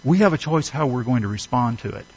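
Lively, emphatic man preaching a sermon. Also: mid-range voice, fast, dull audio, slight background noise. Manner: earnest, emphatic preaching with rhetorical questions. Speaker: pastor.

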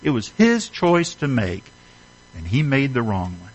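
A man's voice: medium pitch, huge pitch swings, measured pace, slightly rough, rough recording. A middle-aged man preaching a sermon, earnest and emphatic, asking his listeners rhetorical questions. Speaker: pastor.

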